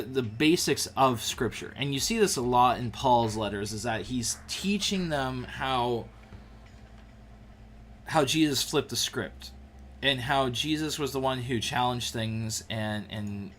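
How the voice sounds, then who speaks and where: A man hosting a livestream, giving a casual devotional talk to viewers in an animated, joking way, often restarting his sentences. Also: mid-range voice, a little hiss or hum. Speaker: livestream show host.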